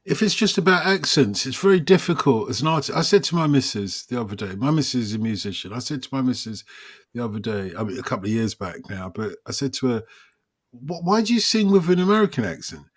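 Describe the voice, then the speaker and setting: A podcast host chats casually, telling rambling anecdotes and acting out quotes in lively voices. His mid-range voice is fast and slightly rough, captured with clean studio sound and no echo.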